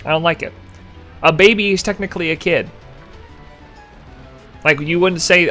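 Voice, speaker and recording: A man's voice: a little high, steady tone, moderate pace, sharp tone, faint music behind. A young man chatting casually with his live-stream chat, rambling and joking as he reads messages aloud.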